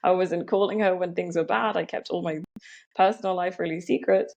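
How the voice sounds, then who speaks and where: A woman's voice: lowish voice, steady tone, a little fast, vocal fry, a little mellow. A young woman telling a personal story as a podcast guest, reflective and full of "um" and "like". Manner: reflective, many "um" and "like" fillers.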